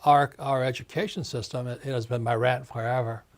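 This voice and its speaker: A man's voice: medium pitch, steady tone, fairly quick. A man in his seventies, an author and investor giving an interview, talking emphatically and repeating his points. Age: 70s. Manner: emphatic, ranting, repeats phrases. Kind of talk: casual interview talk.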